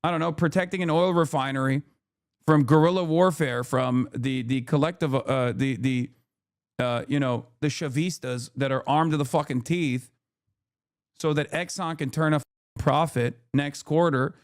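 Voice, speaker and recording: This is a man with a fairly high-pitched voice who is in the middle of a livestream commentary. He rants hotly and swears freely while he answers and argues with his chat. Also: normal speed. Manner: heated, profane ranting. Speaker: streamer.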